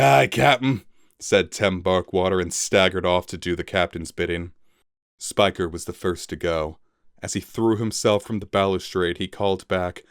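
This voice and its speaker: Deep male reader for dramatic storybook narration, pauses for effect, dry sound. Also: clear, resonant tone, no echo.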